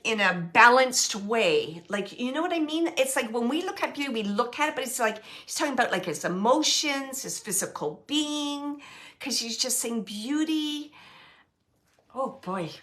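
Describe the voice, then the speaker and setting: Bright-voiced woman giving a tender reading. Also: on the high side, animated. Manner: halting, searching for words, soft and tender. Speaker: psychic medium. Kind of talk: spontaneous spirit reading.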